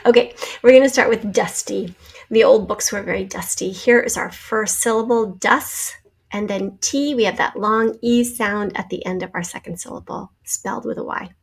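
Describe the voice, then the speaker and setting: A woman's voice: medium pitch, normal speed, vocal fry, slightly rough. A woman teacher giving a spelling lesson to young pupils, patiently sounding out letters and syllables for a class video.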